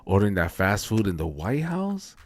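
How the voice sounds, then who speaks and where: A man's voice: lowish voice, wildly swooping pitch, moderate pace, no echo. A man co-hosting a podcast in loose, joking casual chat, laughing often. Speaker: podcast co-host.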